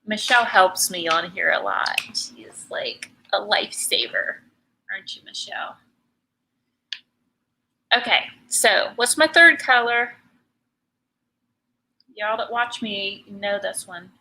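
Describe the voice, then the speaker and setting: A middle-aged woman leads a live painting lesson in a bright, forceful voice. She chats easily and teases her viewers, laughing often between steps. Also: medium pitch, slow, creaky, long pauses, a little hiss or hum, poor audio. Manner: chatty, teasing, laughs often. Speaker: painting teacher. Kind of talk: live painting tutorial chat.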